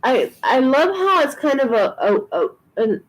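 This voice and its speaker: A woman's voice: high voice, very animated, unhurried, low-quality recording. A woman giving a live tarot and oracle card reading, chatty and reassuring, with frequent ums and restarts. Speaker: tarot reader.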